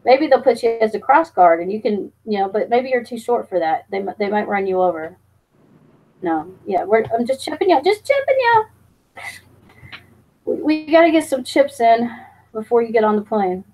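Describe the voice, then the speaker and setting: A woman's voice: on the high side, moderate pace, mellow, low-quality recording. A woman live streamer chatting casually, teasing and reading her chat aloud, with plenty of ums and restarts. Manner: fillers and restarts.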